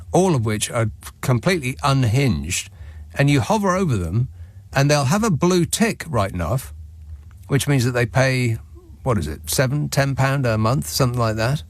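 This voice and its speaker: A man's voice: medium pitch, no room sound. A male radio host takes calls and reads out listener texts in a dry, mocking tone. His voice sits in a middle register and stumbles over its own restarts. The studio sound is close and completely dry. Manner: dry, sardonic, with frequent restarts. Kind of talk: talk radio phone-in and reading listener texts.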